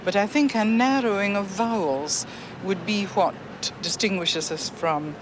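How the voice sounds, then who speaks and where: Measured high-voiced Edinburgh man. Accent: Edinburgh Scottish. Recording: noisy old archive tape.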